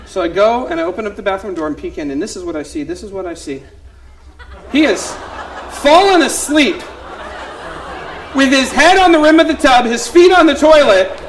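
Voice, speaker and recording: A man in his thirties, a youth pastor performing a one-man comedy show on stage, telling stories with big swings from quiet asides to loud exclamations. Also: very high voice, big pitch swings, normal speed, long pauses, some chatter behind, slight background noise. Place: theater stage.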